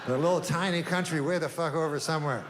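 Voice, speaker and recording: A man doing a stand-up routine, deadpan and rambling, with long meandering setups and offhand asides. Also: on the high side, fast, background noise. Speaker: stand-up comedian. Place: comedy stage before a live audience. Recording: live room reverb, faint ambience.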